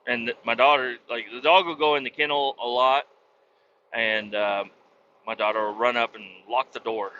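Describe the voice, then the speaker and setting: Talking from his truck, a male podcast host rambles through casual stories, blunt and full of profanity. His medium-pitched voice is sharp and fairly even, at a normal speed, with lo-fi sound and a faint hiss or hum.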